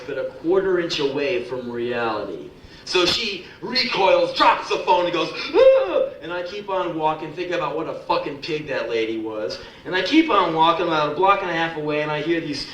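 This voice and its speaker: This live music-club set features a man whose slightly bright, high-leaning voice delivers profane, sardonic spoken-word tales. He brings the people in his stories to life by acting out what they say, and the roomy recording was made from a distance.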